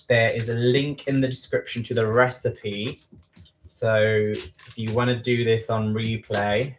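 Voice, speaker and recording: His voice is mid-range and a little bright, with a slight hiss or hum behind it. Chatting away in an East London accent while baking live at home, he talks to himself, teases himself, and repeats the amounts he's using.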